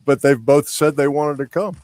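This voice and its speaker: A man's voice: a little high, normal speed, a little mellow, no echo. A man calling in to a live sports show, chatting casually with fillers and restarts. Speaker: caller.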